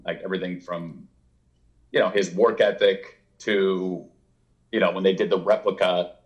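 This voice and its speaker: A man with a somewhat low voice, talking as an author guest in a casual interview. He tells stories in a loose, rambling way and acts out the quotes with animation. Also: fairly even intonation, moderate pace, lo-fi sound.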